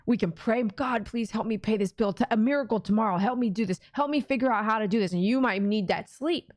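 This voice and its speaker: A woman's voice: fairly high pitch, brisk, darkish tone, dry recording, clean studio sound. Chatty Texan woman hosting a prayer stream. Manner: chatty, talks to viewers and acts out her own inner voice. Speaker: livestream prayer host. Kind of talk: casual live-stream talk.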